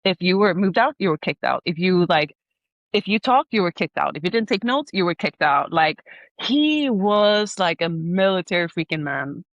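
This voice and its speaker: A woman's voice: lowish voice, normal speed, no room sound, highs cut off. A young woman from Sweden with a Swedish accent, a podcast guest telling stories in casual chat, filling her speech with "like" and frequent laughter. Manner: storytelling, animated, heavy use of "like", laughs often. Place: remote call.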